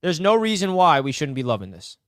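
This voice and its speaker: A young man hosts a live sports talk stream, fired up and emphatic as he banters with fans. His fairly high, a bit bright voice is very animated and a little fast, captured in clean studio sound with no room echo.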